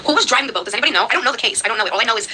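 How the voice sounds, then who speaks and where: A woman running a spirit box session, excitable and exclaiming as she reacts. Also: on the high side, rapid-fire, background noise.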